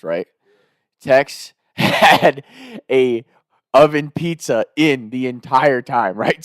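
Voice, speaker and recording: A young man telling a party story in a casual, animated way, swearing and laughing often. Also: mid-range voice, dry recording, clean studio sound.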